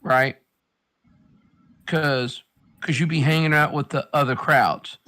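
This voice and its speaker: Man, slightly higher voice, casual chat, rambling and profane, advice-giving. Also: steady tone, takes it slowly, bright, forceful tone.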